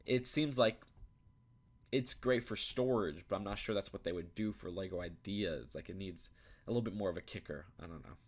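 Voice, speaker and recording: Casual low-voiced man reviewing builds. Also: brisk. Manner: thinking aloud, many fillers and restarts. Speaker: YouTube reviewer. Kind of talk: casual commentary while browsing.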